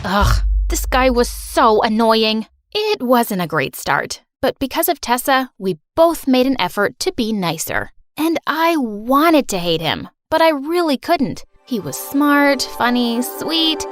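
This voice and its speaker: First-person storyteller, a woman, lively and high-voiced, light music bed. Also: no echo. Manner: lively, expressive and breathless. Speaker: narrator.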